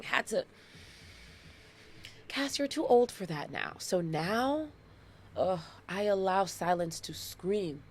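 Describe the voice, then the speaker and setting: A woman of thirty hosting her own podcast alone, talking casually and playfully, with dramatic repetitions. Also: medium pitch. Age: 30s. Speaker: podcast host. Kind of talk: casual solo podcast monologue.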